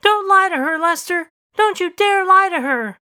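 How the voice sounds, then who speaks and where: A storyteller voicing a talking female dog who shouts accusations in a high, shrill voice. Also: big pitch swings, full character voice. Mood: accusing. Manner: shrill, shouting, slow and weighty at times.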